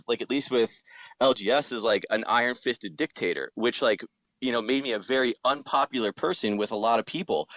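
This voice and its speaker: A man's voice: mid-range voice, a bit bright, dry recording, poor audio. A man in his thirties talks in loose, casual chat, swearing freely and slipping into quoted voices as he goes. His delivery rises and falls a lot. The sound is dry and close, with no room around it. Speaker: podcast guest, musician.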